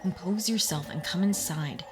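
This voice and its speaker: Lady playing a strict old priest, low and serious, hoarse voice. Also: normal speed, over music, natural voice. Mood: stern. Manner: grave and commanding. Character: stern older male village priest.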